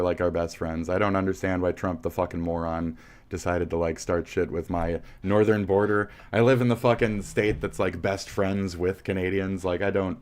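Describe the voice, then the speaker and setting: American man, low voice, profane livestream host in a heated rant. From United States. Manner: heated, profane, insulting chat.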